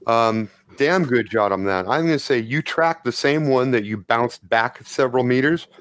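A man's voice: medium pitch, expressive, normal speed, fairly bright tone, no room sound. A man running a tabletop game, narrating scenes in a casual, descriptive way with loose profanity. His voice sits in an ordinary middle register. The recording is close and dry. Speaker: game master.

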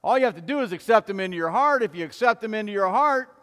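A man's voice: fairly high pitch, measured pace, long reverb tail. A man voicing an urgent pleading sister. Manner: urgent, pleading, rising to loud. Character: pleading devout adult sister.

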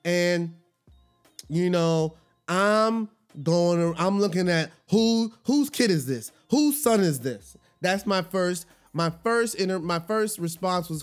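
A man's voice: high-pitched, clean tone, soft background music. Emphatic man telling a story. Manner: emphatic, slows down to stress words when upset. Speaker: podcast host. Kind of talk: personal storytelling monologue.

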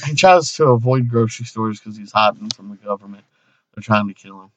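A man's voice: on the low side, fairly quick, highs cut off, a little hiss or hum. A man co-hosting a casual comedy podcast, rambling with lots of fillers and laughing often. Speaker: podcast co-host.

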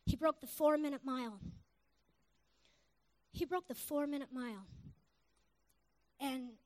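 High-voiced woman preaching exuberantly. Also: a little slow. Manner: exuberant, shouting hallelujahs. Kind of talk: sermon. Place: church before a congregation.

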